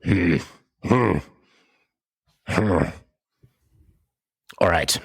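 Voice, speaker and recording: A man with a low voice runs a tabletop game as game master. He narrates haltingly, stopping and restarting often. The sound is dry and close. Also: expressive, gravelly, breathy edge, no echo. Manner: halting, with frequent restarts and fillers.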